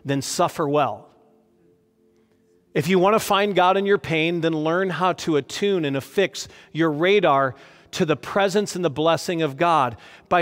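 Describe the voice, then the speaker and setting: Man preaching in church, kinda high voice, earnest and emotional, long echo off the hall. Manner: earnest, emotional, lively emphasis. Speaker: pastor. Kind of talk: sermon.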